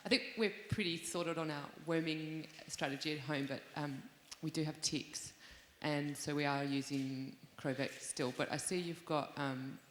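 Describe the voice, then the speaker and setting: A woman's voice: deep voice, steady tone, moderate pace, few pauses. A woman in the audience politely asking the speaker a question. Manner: polite and appreciative. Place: large conference hall. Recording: distant, echoey hall with faint noise.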